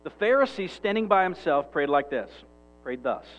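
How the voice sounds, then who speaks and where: A man's voice: on the high side, very animated, normal speed. Brief: male pastor, emphatic conversational sermon, dull lo-fi recording with faint music underneath.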